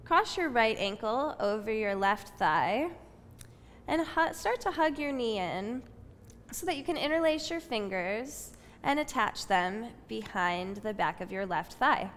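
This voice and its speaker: A woman guiding a yoga session in a slow, soothing voice with gentle, steady instructions. Her words trail off into a long reverb from a spacious room, with faint ambience underneath. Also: fairly high pitch, a little hiss or hum. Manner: calm, soothing, unhurried cues. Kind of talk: guided yoga class instruction.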